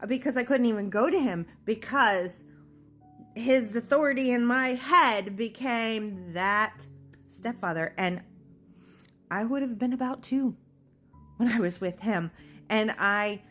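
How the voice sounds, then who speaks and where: A woman's voice: a little high, a little slow, fairly bright tone, soft background music. A woman sharing a personal testimony, telling her own story in an earnest, emotional way.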